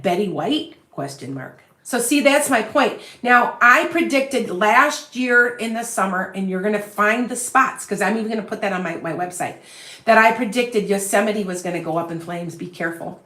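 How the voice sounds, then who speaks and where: A woman's voice: medium pitch, normal speed, fairly bright tone. Woman, Chicago accent, psychic medium livestream, rambling and self-assured, roomy echo, phone on a stand. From US Midwest. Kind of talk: casual livestream talk.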